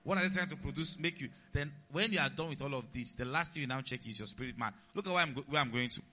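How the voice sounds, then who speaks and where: Speaking quickly in a mid-range voice, a male pastor delivers a sermon, swinging between loud emphasis and hushed asides, repeating key lines and asking if the congregation is following. Long hall reverb and dull lo-fi sound color the audio.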